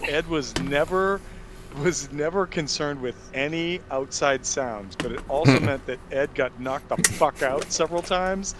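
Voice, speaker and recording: Animated man telling stories, noisy mic. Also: a little high, a little slow. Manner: animated, shouts in mock insults. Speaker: player in a tabletop game podcast. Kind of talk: casual storytelling among friends.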